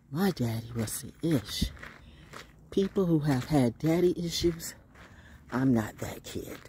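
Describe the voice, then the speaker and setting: Chatty woman vlogging outdoors, dark voice. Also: a little hiss or hum, low-quality recording. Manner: chatty, talks to animals in a high baby voice. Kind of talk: casual outdoor vlog monologue. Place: outdoors in woods by a pond. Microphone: phone held in hand.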